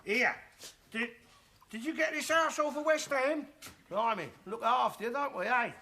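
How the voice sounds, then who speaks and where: An actor playing a bigoted, loudmouthed older football fan, blustering and shouting in a studio sitcom. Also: male voice, very high-pitched, moderate pace, slight background noise, exaggerated voice. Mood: ranting. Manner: blustering, shouting, self-satisfied ranting. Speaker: sitcom character.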